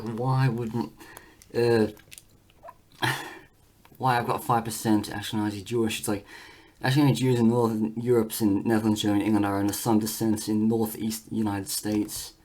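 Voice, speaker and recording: This vlogger, with a lowish, steady voice, goes through results on his screen while chatting casually to camera. His delivery rambles and halts, packed with fillers and restarts.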